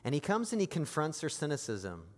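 A man's voice: on the high side, huge pitch swings, brisk. Dynamic male pastor in a reverberant hall. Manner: dynamic preaching, swinging from quiet to emphatic. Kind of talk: sermon.

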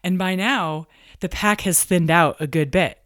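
A woman hosting a business podcast, telling a personal story in a lively way, acting out her own thoughts and chanting rhythmic counts. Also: on the low side, unhurried.

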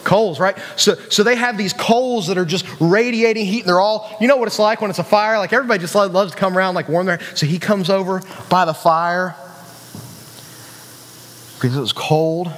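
High-pitched west virginia guy preaching, chatty, restarts a lot, long hall echo. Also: a little fast, fairly bright tone. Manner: conversational, chatty preaching with many restarts and asides to the audience. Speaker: youth pastor. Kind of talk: sermon.

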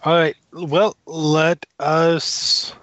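Man, tabletop player, bright tense voice, slow playful formal phrasing, dry lo-fi recording. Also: a little high, level tone, no room sound. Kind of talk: casual tabletop chat.

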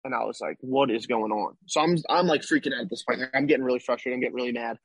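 Young male athlete guest, husky, casual rambling storyteller, dry close sound. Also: mid-range voice, racing, a bit bright, no room sound. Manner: rambling, tag questions like "right?". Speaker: podcast guest, baseball player.

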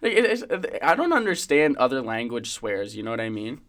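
A man's voice: mid-range voice, big pitch swings, fairly quick, fairly bright tone. A young man co-hosting a podcast, rambling and swearing in casual banter. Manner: profane, rambling, laughing jokes. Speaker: podcast co-host.

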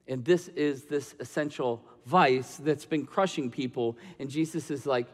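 A male pastor delivers a sermon in a noticeably high voice, moving between loud, emphatic points and soft, hushed stretches. His words ring out with a long reverberation, as in a large church sanctuary. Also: big pitch swings, a little slow, few pauses.

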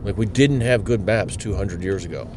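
A man with a low voice rambles through a blunt, profane monologue, talking as he drives. His car is on the road, and its rumble comes through clearly under his voice. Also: moderate pace. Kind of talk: ranting monologue while driving. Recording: car road noise behind.

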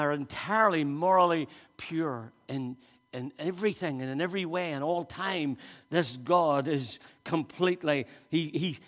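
A pastor preaches a sermon in a church, reading scripture aloud with emphasis and frequently repeating and restarting his words. His voice sits on the high side with a slightly bright quality. The long reverb of the church hall carries through the recording.

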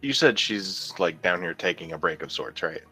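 A man playing in a tabletop game, talking in an unhurried, hesitant way. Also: low voice, expressive, sharp tone, soft background music. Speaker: player. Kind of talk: casual in-character play.

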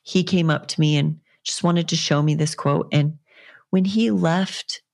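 A young woman hosts her own fitness podcast, talking on her own in a rambling, earnest and encouraging way. Her voice sits low, with a gravelly fry running through it. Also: steady tone, measured pace. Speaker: fitness coach and podcast host. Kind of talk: casual solo podcast monologue.

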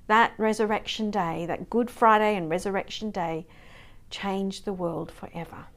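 A woman leading a time of prayer in a fervent, prayerful way. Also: medium pitch. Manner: slow, fervent, prayerful delivery. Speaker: prayer leader. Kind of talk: leading prayer and reading intentions.

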